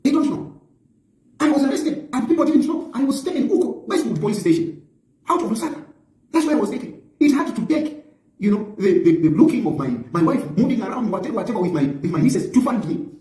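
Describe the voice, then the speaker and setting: Impassioned man, lively high voice. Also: brisk, echoey room, rough recording. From Zambia. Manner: emphatic, repetitive, accusatory. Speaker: opposition politician. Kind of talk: impassioned political address.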